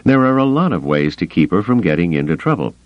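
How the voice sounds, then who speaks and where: A man voicing a gruff, sardonic middle-aged smuggler pilot who growls his blunt remarks, in an audiobook. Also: sits low, very animated, fast, no room sound, muffled recording. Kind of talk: audiobook character voice.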